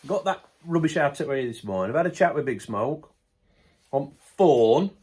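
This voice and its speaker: Husky, lively middle-aged man. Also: a little high, normal speed. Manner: chatty, ranting then laughing it off, blunt humour. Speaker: vlogger. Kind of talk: casual chat to camera.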